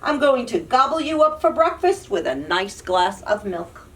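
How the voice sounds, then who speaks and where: A woman's voice: on the high side, sing-song, normal speed, a bit bright. A woman doing a roaring greedy troll. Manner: roaring, bossy threats. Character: big ugly hungry troll, blustering and greedy.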